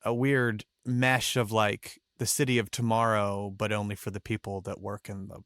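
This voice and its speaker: A man's voice: fairly low pitch, flat delivery, moderate pace, a bit bright, no room sound, studio quality. A man hosting a podcast, chatting casually and reading scripted history passages with some hesitation. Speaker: podcast host.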